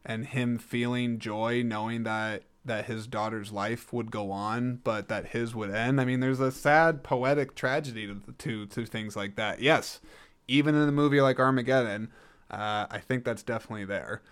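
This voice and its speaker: A man talks through a film review on his own show in an easy, joking way, wandering off track and correcting himself. His voice is smooth and clean, sitting at an ordinary middle pitch. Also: steady tone, normal speed, fairly bright tone. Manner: rambling, jokey, self-correcting. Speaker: podcast host reviewing a film. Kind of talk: casual solo film review.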